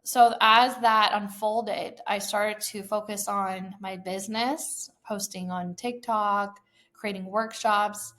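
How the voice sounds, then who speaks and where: A woman's voice: mid-range voice, steady tone, slow, a bit bright. A woman in her thirties hosting a podcast, telling her personal story in an enthusiastic, heartfelt way with casual fillers. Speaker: podcast host.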